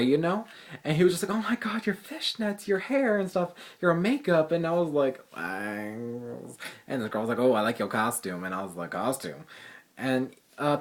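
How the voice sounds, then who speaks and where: A teenage boy telling a story to his phone camera in a fast, profane, sassy ramble full of fillers. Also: medium pitch. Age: teens. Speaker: vlogger. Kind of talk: casual storytelling vlog.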